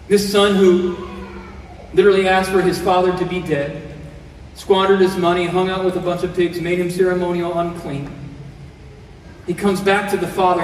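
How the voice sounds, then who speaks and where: High-voiced man preaching in an echoey hall. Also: a little hiss or hum. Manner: reads scripture then explains it earnestly. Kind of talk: sermon. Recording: echoey hall, voice from some distance.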